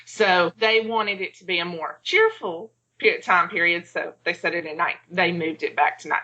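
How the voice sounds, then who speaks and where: A woman's voice: on the low side, lively intonation, normal speed, pushed and bright, dull audio. A woman co-hosting a podcast in casual chat, talking with many fillers and acting out her own thoughts. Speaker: podcast co-host.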